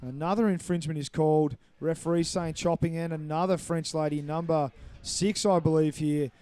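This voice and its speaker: Mellow smooth-voiced male sports commentator. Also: on the high side, fairly even intonation. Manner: brisk, explanatory, apologetic over names. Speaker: play-by-play commentator.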